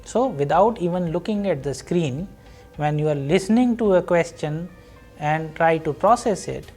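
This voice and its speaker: A woman teaching a recorded university lesson, explaining slowly and patiently and repeating each example. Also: lowish voice, lively intonation, darkish tone, faint music behind. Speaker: language teacher.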